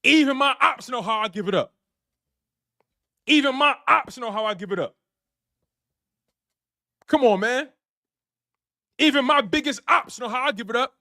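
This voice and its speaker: A man's voice: extremely high pitch, animated, normal speed, pauses often, sharp tone, dry recording, clean studio sound. A man hosting a live sports stream, delivering a repetitive, preachy rant in heavy slang. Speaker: sports show host.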